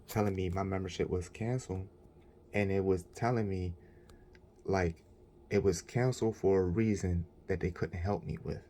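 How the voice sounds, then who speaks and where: A man's voice: sits low, warm tone, a little hiss or hum. A man telling an indignant, rambling story about a bad experience, in a casual vlog. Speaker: vlogger.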